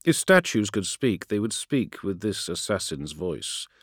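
Expressive male audiobook narrator. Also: sits low, a little slow, no room sound, clean studio sound. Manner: expressive, dramatic storytelling. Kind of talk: scripted narration.

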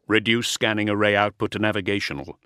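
A man playing a stern male war leader in an audiobook, giving firm, measured commands. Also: lowish voice, steady tone, bright, forceful tone, clear, resonant tone, no room sound, studio quality. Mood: commanding.

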